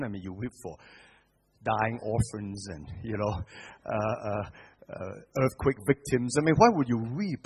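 A middle-aged man from Singapore, preaching as a guest speaker. His storytelling is animated, swinging from hushed to loud, and he often restarts his phrases. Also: on the high side, slightly rough. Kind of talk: sermon.

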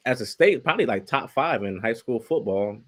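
A man's voice: mid-range voice, animated, moderate pace, fairly bright tone. A man co-hosting a sports podcast, easygoing and agreeable, hedging his claims. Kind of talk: casual sports chat.

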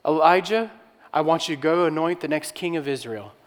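A preacher voicing God, firm and declaring. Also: male voice, on the high side, brisk, in a large hall, close to an everyday voice. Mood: commanding. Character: God speaking firmly to a prophet.

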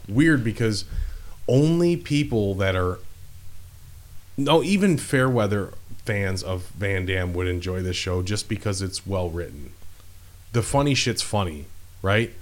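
A man with a very low voice holds forth in loose, laid-back chat. He rambles and swears freely as he talks. His delivery stays easygoing and conversational. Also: expressive, a little slow. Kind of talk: casual chat.

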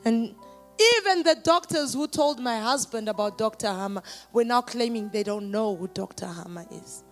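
A woman preacher, perhaps in her thirties, giving a sermon that moves from quiet personal testimony to shouted calls to the congregation. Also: fairly high pitch, moderate pace, soft background music.

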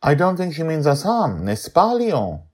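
An older man voicing an excitable young woman with a French flair, speaking high and eager. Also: normal speed.

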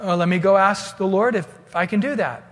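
Greedy, bargaining male prophet, acted by a preacher; high, wheedling voice in a reverberant hall. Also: fairly quick, fairly bright tone. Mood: hesitant.

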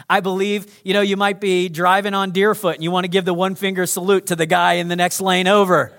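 High-voiced pastor preaching. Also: male voice, brisk, few pauses. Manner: animated, swinging between loud emphasis and hushed intimacy. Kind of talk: sermon.

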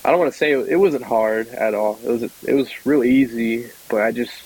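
A young man from the American South, a podcast guest telling a story in a relaxed chatty way and laughing often. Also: medium pitch, brisk, breathy edge, low-quality recording. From South Georgia, United States. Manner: chatty, laughs often, acts out voices in his stories. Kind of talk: casual storytelling.

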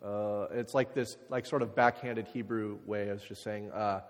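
A man preaching a sermon, talking casually with lots of fillers and sometimes dropping to quiet, reflective passages. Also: fairly low pitch, fairly even intonation, normal speed. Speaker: pastor. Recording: hall reverb.

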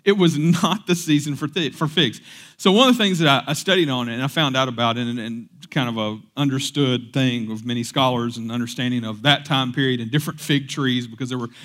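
A man's voice: mid-range voice, fast, few pauses, fairly bright tone. A young adult man preaching a casual sermon, mixing scripture reading with joking asides, fillers and restarts. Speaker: pastor. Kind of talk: conversational sermon.

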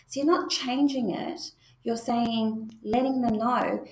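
A woman's voice: on the high side, fairly even intonation, normal speed. A woman giving a spoken parenting lesson, talking straight to parents in a reassuring way. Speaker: parenting educator. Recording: echoey room.

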